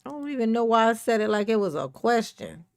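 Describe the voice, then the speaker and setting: A woman's voice: fairly high pitch, expressive, fairly quick, smooth. A woman hosting a casual livestream, playfully greeting chat viewers by name and breaking into bits of song. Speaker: livestream host.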